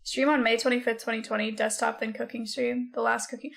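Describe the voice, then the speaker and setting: A woman's voice: a little high, a little fast, creaky, few pauses. A woman streamer chatting casually with her viewers, reacting aloud to their comments and to clips. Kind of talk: casual chat with live viewers.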